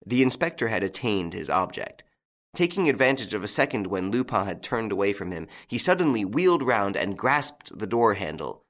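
Expressive man narrating a novel. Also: fairly low pitch, moderate pace. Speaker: audiobook narrator. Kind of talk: scripted narration.

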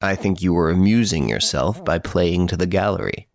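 A man reading an audiobook, voicing a serious, patient police detective who speaks in a slow, measured way. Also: sits low, gravelly, no room sound, clean studio sound. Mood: earnest.

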